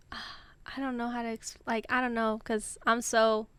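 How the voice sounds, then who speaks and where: Woman, podcast co-host, smooth bright tone, chatty and casual. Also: on the high side, level tone, a little slow, no echo. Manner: chatty, trails off with fillers. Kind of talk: casual chat.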